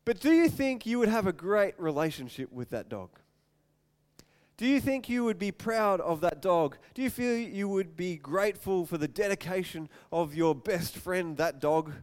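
A man preaching a sermon, telling an animated story and acting out the voices in it. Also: high-pitched, moderate pace. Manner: animated, acts out scenes with quoted voices.

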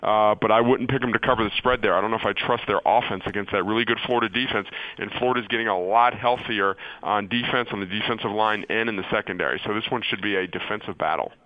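A man's voice: fairly low pitch, quick pace, hardly any pauses, no echo. Man, football analyst, hesitant restarts, confident calls, dull radio audio. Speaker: college football analyst guest.

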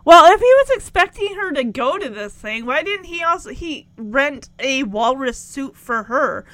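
A woman with a high, bright voice chats through a recap of a show, slipping into the characters' lines and adding incredulous asides. Her voice sits close and dry, with no room around it. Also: big pitch swings, unhurried, no room sound. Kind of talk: casual recap commentary.

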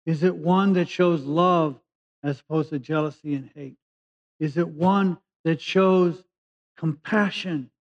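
A man from California preaches a conversational sermon, reading verses and then unpacking them in plain words. His voice sits a little high, and he leans on key words as he goes. The recording is dull and lo-fi. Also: a little mellow. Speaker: pastor. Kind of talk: sermon, Bible teaching.

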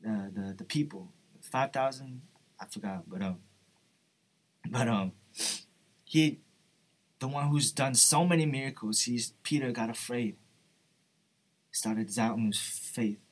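A man's voice: medium pitch, a little slow, long pauses. A young man giving an earnest, informal devotional talk, often asking "right?" and "you know". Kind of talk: informal sermon.

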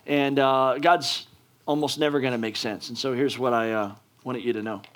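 A man's voice: medium pitch, fairly even intonation, normal speed. A male pastor preaching a sermon in a casual, chatty way with many fillers.

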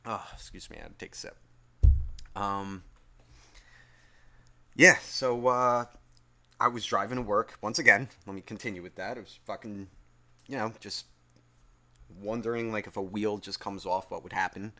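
A man's voice: fairly low pitch, steady tone, moderate pace, pauses often, sharp tone. A young man ranting in a profane, rambling, self-mocking monologue, tired after a long day. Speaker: podcast host.

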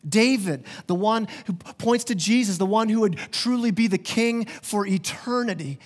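Male pastor mid-sermon with a high-set voice; lively, restarts words often, addresses the congregation directly. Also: moderate pace. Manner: animated, stumbles and repeats words, talks straight to the congregation. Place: church.

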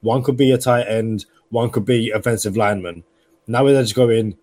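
London guy chatting sports on a podcast, lowish voice, dry close sound, lots of you-knows. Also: moderate pace, a little mellow, no echo. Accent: London English. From London, England. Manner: thinking aloud, many "you know" fillers. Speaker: podcast co-host. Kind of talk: casual sports podcast chat.

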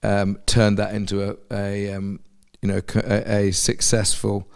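A man answering interview questions, halting and repeating words as he searches for the phrasing. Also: fairly low pitch, monotone, gravelly, a little mellow. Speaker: podcast guest.

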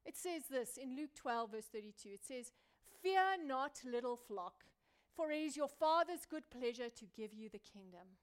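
A woman pastor preaching a sermon, building through repeated phrases and dropping from loud emphasis to a hushed near-whisper. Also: high-pitched, animated, normal speed, smooth. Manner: repetitive rhetorical building.

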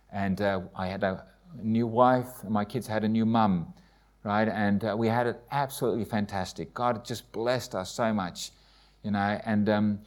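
A middle-aged man, a missionary, telling a heartfelt personal testimony in church, with frequent hesitations and dialogue acted out in a rising voice. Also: darkish tone. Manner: heartfelt storytelling, acts out dialogue with rising pitch.

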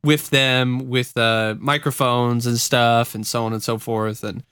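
A man's voice: medium pitch, level tone, a little slow, a bit bright, clean tone, no echo, clean studio sound. A man talking in a casual chat, rambling with restarts. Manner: rambling, many fillers and restarts.

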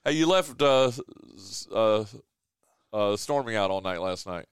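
Man, radio host, excitable, laughs a lot, dry studio sound. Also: fairly low pitch, measured pace, creaky, smooth, no room sound. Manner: excitable, laughs often, says "dude" a lot. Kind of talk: casual sports radio chat. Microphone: studio microphone.

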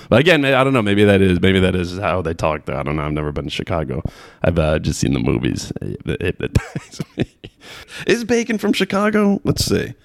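A man with a very low, gravelly voice rambles through a casual movie chat, laughing often and swearing freely. The sound is dry and close. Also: no room sound.

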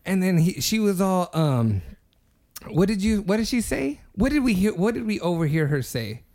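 A man's voice: high voice, normal speed. A man co-hosting a casual podcast, telling a workplace story with lots of swearing and acted-out quotes. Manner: animated, swearing, acts out quotes. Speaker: podcast co-host.

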